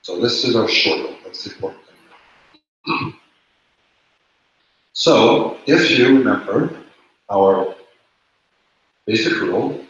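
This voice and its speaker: A man's voice: lowish voice, fairly bright tone, a little hiss or hum. A man teaching a classroom lesson, explaining rules step by step and repeating the key points. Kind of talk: classroom lecture. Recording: echoey room, dull lo-fi sound.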